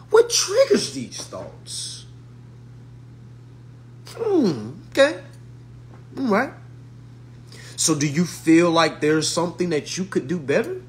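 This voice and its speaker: Guy doing a mocking high voiced therapist man, slow prying questions, swoops up and down. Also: fairly bright tone, full character voice. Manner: mocking, drawn-out clinical questions. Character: prying, soft-spoken adult male therapist, calmly probing.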